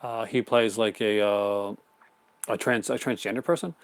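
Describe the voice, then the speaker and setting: A man with a fairly low, clear, resonant voice speaks at a moderate pace with fairly even intonation, and there's no room sound. He's hosting a casual live stream, answering viewers' chat comments while rambling excitedly about his horror film collection with many fillers and restarts.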